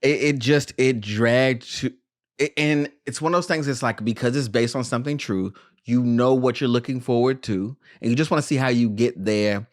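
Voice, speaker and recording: A podcast host in casual film review chat, animated and joking with quick asides. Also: medium pitch, dry recording, clean studio sound.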